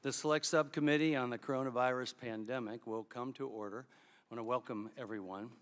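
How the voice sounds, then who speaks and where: A man chairing a congressional subcommittee, reading a measured, formal opening statement. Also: mid-range voice, steady tone. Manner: measured, procedural. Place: congressional hearing room. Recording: reverberant hearing room.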